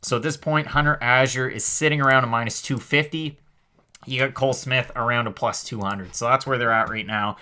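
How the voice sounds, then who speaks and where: An upbeat man hosts a live fight-preview stream, rattling through viewer comments with quick, chatty energy. His voice is bright and forceful, sitting at an ordinary pitch for a man. He keeps things loose and casual, full of "um"s and restarts. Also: clear, resonant tone. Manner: energetic, rapid, chatty with many fillers. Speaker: host of a live MMA show.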